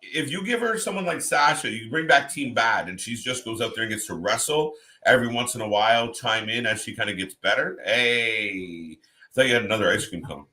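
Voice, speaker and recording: A man's voice: medium pitch, a little fast, pushed and bright. A Canadian man co-hosting a live watch party, rambling in casual chat and reading comments aloud.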